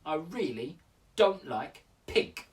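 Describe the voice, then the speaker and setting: A man voicing an eight-year-old girl who dislikes pink, reciting a rhyming poem in a high, sing-song way. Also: very animated, takes it slowly, distant mic. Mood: indignant.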